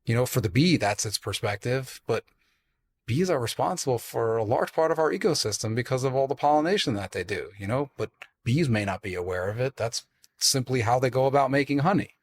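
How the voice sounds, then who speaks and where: A man's voice: mid-range voice, animated, brisk. A man guest on a podcast musing in casual chat, with many filler words.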